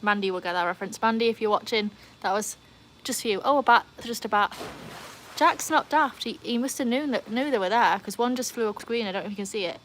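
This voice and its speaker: Hardly pausing, this livestream host speaks quickly in a fairly bright, medium-pitched voice, with a little hiss or hum in the recording. She's outdoors by a home swimming pool, casually chatting with viewers, reading their comments, and squealing with cheers.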